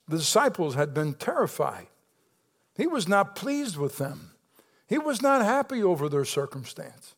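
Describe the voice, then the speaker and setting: A high-pitched male pastor delivering a sermon in church. He drops to soft, slow emphasis, then builds to rising, emphatic calls, checking in with the congregation as he goes. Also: sing-song. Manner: preaching with call-outs to the congregation.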